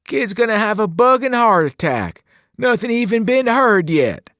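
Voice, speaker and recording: A man's voice: high voice, wildly swooping pitch, measured pace, gravelly, a bit bright, no room sound, clean studio sound, voice pushed up, exaggerated voice. A man voicing a friendly teenage boy with an odd accent and cheery slang.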